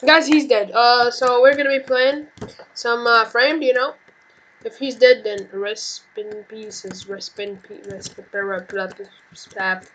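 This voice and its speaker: A young woman with a fairly high voice, chatting and reacting loudly while she plays a game online. She is excitable and swears freely as she goes, in loose casual commentary. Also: unhurried, slight background noise, rough recording. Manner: loud, excitable, swears often. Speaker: gaming channel host.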